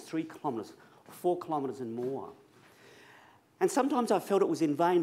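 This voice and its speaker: Aussie guy telling a story to a crowd, kinda high voice, swoops all over, pokes fun at himself. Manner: chatty, self-mocking, asks the audience questions. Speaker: public speaker. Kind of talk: storytelling talk to a live audience.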